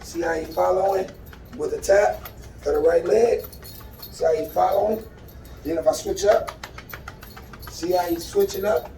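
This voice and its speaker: Hyped-up dude training his pup outside, kinda high voice, far from the cam and echoey. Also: moderate pace, pauses often, mellow, a little hiss or hum. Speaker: dog trainer and vlogger. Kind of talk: excited casual vlog while training a dog. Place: outdoors in a dog enclosure.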